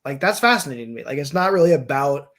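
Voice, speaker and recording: Young guy guesting on a podcast, laid back and laughing a lot, kinda high voice. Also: fast talker. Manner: relaxed, amused, laughs often. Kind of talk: casual recap chat.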